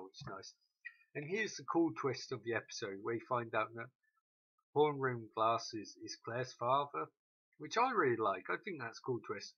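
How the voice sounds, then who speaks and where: Man, husky voice, bright tone, sweary animated recap rant, dull lo-fi recording. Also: mid-range voice. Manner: profane, animated, mocking characters in quick quotes. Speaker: show recap host. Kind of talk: ranting episode recap.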